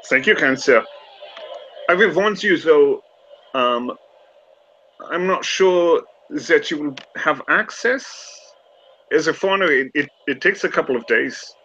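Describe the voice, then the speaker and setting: A man's voice: a little high, lively intonation, moderate pace, few pauses, pushed and bright, pitched above the performer's own voice. A man playing a haughty faux-French student. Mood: formal. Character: snooty young male university student, faux French. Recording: slightly dull lo-fi mic.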